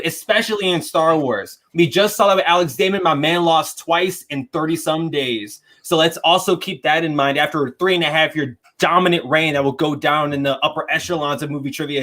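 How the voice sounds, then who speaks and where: Answering the live chat as he reads it out, a young podcast co-host shares strong opinions with confidence on a casual show. He has a fairly high, slightly bright voice.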